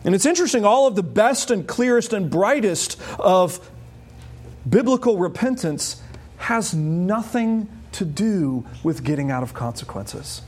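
A man preaching an expository sermon, emphatic, with wry asides and high urgent peaks on key points. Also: lively intonation, a little slow, a little mellow. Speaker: pastor.

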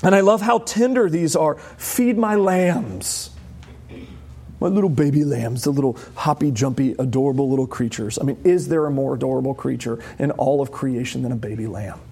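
A man's voice: mid-range voice, moderate pace, gravelly, darkish tone, slightly rough. A man preaching a sermon as a pastor, conversational and emphatic, asking the congregation rhetorical questions. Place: church.

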